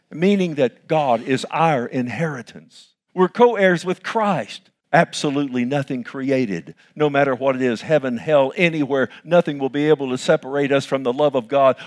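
A man with a Texan accent preaching a sermon as pastor, swinging from loud exclamations to hushed, intimate passages and laughing often. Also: mid-range voice.

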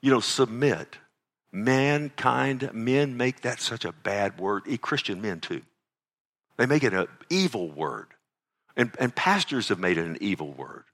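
A man's voice: medium pitch, animated, measured pace, fairly bright tone. An older man preaching a sermon as a pastor, emphatic, asking the listeners rhetorical questions and often restarting his sentences.

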